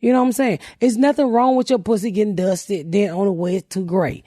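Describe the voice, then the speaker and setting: A woman's voice: medium pitch, fairly even intonation, brisk, no room sound, clean studio sound. A woman hosting a podcast, telling profane stories in a casual comedic chat. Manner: profane, loud storytelling with laughs. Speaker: podcast host.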